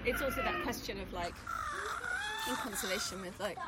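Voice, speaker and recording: A woman talking in casual conversation outdoors, animated and questioning. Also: medium pitch, a little fast, heavy background noise.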